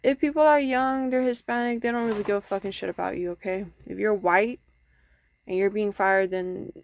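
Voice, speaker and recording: A young woman venting in a casual, rambling monologue, swearing often and filling pauses with "um" and "like.". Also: mid-range voice, fairly even intonation. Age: young adult. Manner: rambling, profane, frequent fillers. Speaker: vlogger. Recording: noisy home recording.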